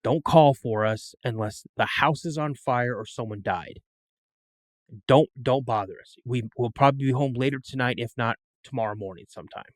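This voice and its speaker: A man voicing a gruff, strict middle-aged farmer father who scolds bluntly. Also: medium pitch, moderate pace, dry recording, studio quality, close to an everyday voice. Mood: stern warning.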